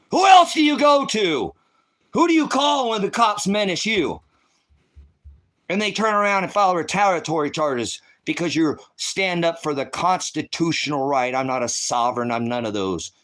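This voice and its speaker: A man's voice: on the high side, a bit bright. Tearful, impassioned man pleading in prayer. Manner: impassioned and pleading, with repeated questions. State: tearful, emotionally distraught. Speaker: ministry preacher. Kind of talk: emotional spoken prayer to a congregation.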